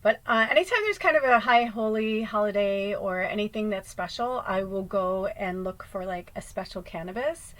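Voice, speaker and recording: A woman's voice: mid-range voice, normal speed, few pauses, a bit bright, rough recording. Rambling, chatty woman vlogging at home. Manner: chatty, rambling, swearing, laughing often. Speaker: spiritual channel host. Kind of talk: casual chat to camera.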